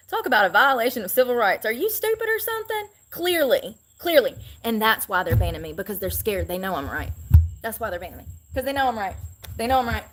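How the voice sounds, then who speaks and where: A woman's voice: medium pitch, expressive, brisk, fairly bright tone, slight background noise. A woman live-streaming an aggrieved, rambling rant into her phone. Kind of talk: ranting vlog monologue. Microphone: phone held for self-filming.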